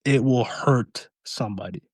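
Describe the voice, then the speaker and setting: A man's voice: mid-range voice, normal speed, darkish tone, no room sound. Hesitant man, stammering in casual chat. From Canada. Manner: hesitant, stammering, lots of backchannel agreement. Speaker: podcast co-host.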